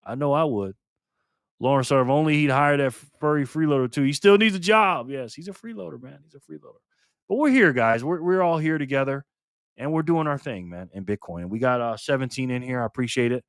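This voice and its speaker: A man's voice: brisk, clean tone, no echo, clean studio sound. Older man hosting a chatty live stream. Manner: chatty, swings from loud cheerful greetings to low quiet asides. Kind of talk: casual live-stream chat greeting viewers.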